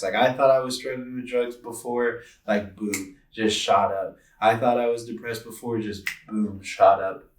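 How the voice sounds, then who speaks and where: A man's voice: on the low side, distant mic, slight background noise. A man in his twenties telling a personal story on a podcast, earnest and rambling with lots of filler words. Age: 20s. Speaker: podcast co-host. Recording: roomy sound from away from the mic.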